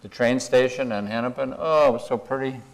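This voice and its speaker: An older man addresses a conference audience in a folksy, meandering way, pausing to chuckle at his own asides. His voice sits in an ordinary middle pitch. He slips easily into a gentle guided imagery exercise. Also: poor audio. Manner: folksy, wandering, self-deprecating, with chuckles. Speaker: conference speaker. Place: conference room.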